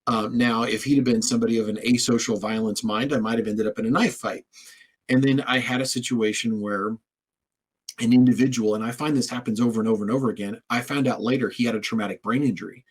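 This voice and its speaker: A man's voice: medium pitch, fairly even intonation, fast, slightly rough, rough recording. A man hosting a podcast interview, telling stories in a rambling way with frequent restarts and repeated words. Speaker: podcast host. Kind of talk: conversational interview.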